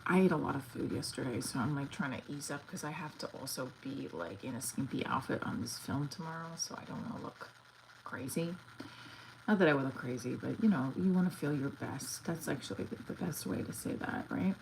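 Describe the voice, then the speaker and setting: Low-voiced chatty woman on a livestream. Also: lively intonation, brisk, creaky, noisy background. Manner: rambling and chatty, with many fillers and restarts. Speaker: actor and comedian livestreaming. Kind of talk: casual livestream chat.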